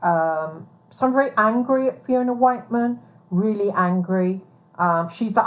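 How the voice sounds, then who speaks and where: A woman's voice: mid-range voice, a little slow. A woman giving a rambling personal monologue as a vlogger, hesitant with many ums, blunt and swearing. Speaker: private investigator vlogger. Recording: dull lo-fi recording.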